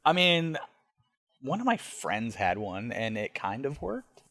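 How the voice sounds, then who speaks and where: A man in his thirties co-hosting a podcast, chatting casually in an animated way with stammering restarts. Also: mid-range voice, slow, no room sound. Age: 30s. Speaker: podcast co-host. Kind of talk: casual recap chat.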